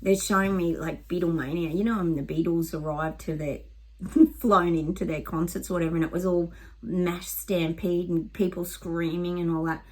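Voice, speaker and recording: Husky low-voiced woman giving a psychic reading. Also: steady tone, normal speed, a little mellow. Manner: rambling, emphatic, many ums and restarts. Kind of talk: psychic reading monologue to camera.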